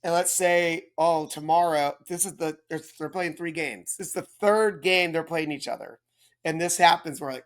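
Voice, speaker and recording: A man's voice: on the high side, normal speed. Rambling man explaining baseball rules. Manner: rambling, self-correcting, checks in with listeners. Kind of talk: casual explanatory chat.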